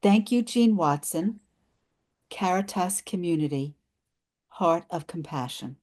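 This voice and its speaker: Older female presenter, low-ish voice, loose chat on a video call, lots of fillers and laughs. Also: animated, darkish tone. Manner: chatty, laughs easily, halting with fillers. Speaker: workshop presenter.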